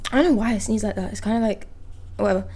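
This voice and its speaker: A woman chatting on a live stream as she reacts to a comic, blunt and quick to swear, speaking into a close desk mic. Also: mid-range voice, dark tone. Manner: chatty and blunt, swears freely, reads panels aloud. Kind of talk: casual live reaction chat.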